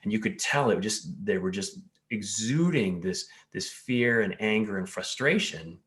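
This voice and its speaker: Low-voiced man explaining earnestly. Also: animated, a little slow, a bit bright. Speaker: pharmacist and health coach. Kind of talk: interview conversation.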